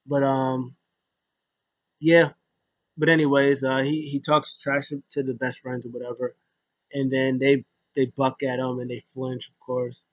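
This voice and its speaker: A man's voice: mid-range voice, little pitch movement, unhurried, dry recording, dull audio. A young man casually recapping a wrestling show, rambling with many fillers and restarts.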